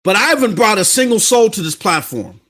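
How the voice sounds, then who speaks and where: A middle-aged man, hosting a casual live gaming stream, animated and repetitive, laughing often. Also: high-pitched, a little fast.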